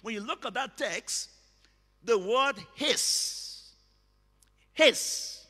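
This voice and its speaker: Guy preaching in a church, very bright tense voice, slow and punchy, hall echo. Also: extremely high pitch, expressive. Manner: emphatic, repetitive preaching with sudden shouted words. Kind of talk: sermon.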